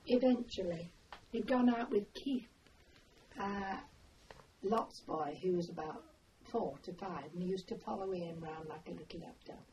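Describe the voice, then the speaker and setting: An older woman telling her memories in an oral history interview, with an unhurried, meandering way of telling a story. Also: on the low side, dark tone. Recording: distant mic, faint background noise.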